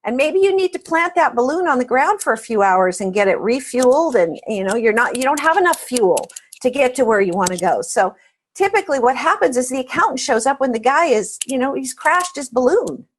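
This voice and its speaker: A woman's voice: high voice, very animated, brisk, slight background noise. A woman speaking as an interview guest, explaining in a conversational storytelling way and repeating words as she starts a thought.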